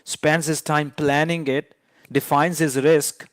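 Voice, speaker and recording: A man's voice: fairly high pitch, little pitch movement, slow, dry recording, studio quality. A man giving a trading lesson in an emphatic, lecturing way, often repeating key points for stress. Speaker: trading educator.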